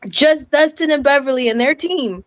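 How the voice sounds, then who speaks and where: A woman in her thirties giving an impassioned, emotional speech, loud and breaking into laughter, overwhelmed and apologetic. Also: high voice, moderate pace, no echo. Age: 30s. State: sweating, overwhelmed. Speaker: guest speaker.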